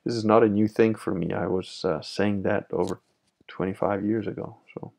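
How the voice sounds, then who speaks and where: A man's voice: fairly low pitch, steady tone, normal speed, creaky, a little mellow. A man hosting a livestream, reading chat messages aloud and answering them bluntly with frequent laughs. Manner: blunt, opinionated, laughs often.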